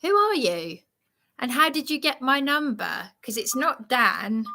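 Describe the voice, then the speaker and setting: Slow, bright-voiced flustered woman. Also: high-pitched, sing-song. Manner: flustered, agitated, apologetic. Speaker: live streamer. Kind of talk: rambling live-stream chat.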